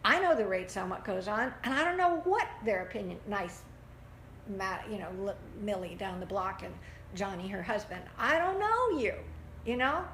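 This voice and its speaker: A middle-aged woman teaching a group of parents in a lively, animated way, often acting out what parents say and laughing. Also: medium pitch, normal speed. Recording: echoey room, faint background noise.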